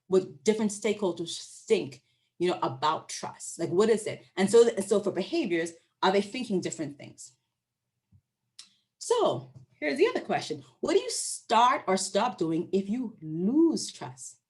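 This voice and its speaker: Animated woman presenting research findings. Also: medium pitch, a little slow. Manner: lively and conversational, asks the audience questions and often checks in with "right?"; acts out her interviewees' voices when quoting them. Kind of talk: academic presentation to an online audience.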